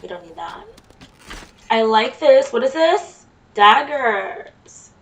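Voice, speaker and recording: A woman with a Jamaican accent chatting slowly through a game, exclaiming at what happens on screen. Her voice is gravelly and sits a bit far from the mic, with a faint hiss behind it. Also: on the high side, expressive, fairly bright tone, muffled recording. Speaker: let's play streamer. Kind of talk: casual gameplay commentary. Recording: distant mic with faint noise.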